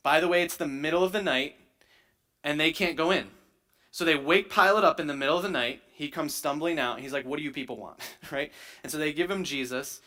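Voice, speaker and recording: A man's voice: on the high side, a little fast, sharp tone. A man preaching a sermon, teaching in a conversational way and often checking in with "right?". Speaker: pastor.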